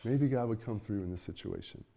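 A man's voice: fairly low pitch, fairly quick, vocal fry. Conversational man preaching a sermon. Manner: conversational, swings from loud to hushed. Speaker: pastor.

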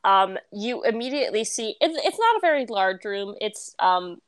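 A woman's voice: medium pitch, normal speed, clear, resonant tone, no echo. Lady running a tabletop game, chatty, lots of ums, dry close mic. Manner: relaxed, chatty, lots of fillers. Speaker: game master.

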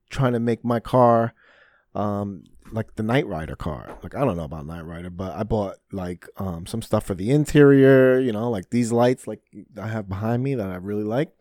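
A man's voice: mid-range voice, a little mellow, dry recording, clean studio sound. A man hosting his own podcast in a casual solo rant, rambling and swearing often, with frequent fillers and restarts. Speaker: podcast host. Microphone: podcast mic.

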